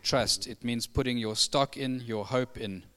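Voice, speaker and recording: A man preaching a sermon, building to fervent emphasis and then settling into quiet earnestness. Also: mid-range voice, unhurried. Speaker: pastor. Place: church hall.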